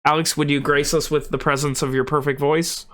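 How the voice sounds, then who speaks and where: Playful gm guy, high bright voice, swoops all over while he jokes. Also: fairly quick. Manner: playful, teasing, animated. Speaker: game master. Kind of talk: casual chat before a tabletop game.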